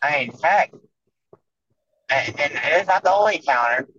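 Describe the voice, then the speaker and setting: A man guesting on a casual podcast, telling a story haltingly with fillers. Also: a little high, expressive, bright, forceful tone, slightly rough. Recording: dull lo-fi remote audio.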